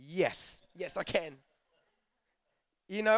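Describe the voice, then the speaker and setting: High-voiced, chatty man preaching. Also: big pitch swings, takes it slowly, long pauses, a bit bright, no room sound, studio quality. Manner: chatty, jokey, acts out dialogue. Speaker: youth preacher. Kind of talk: casual storytelling sermon.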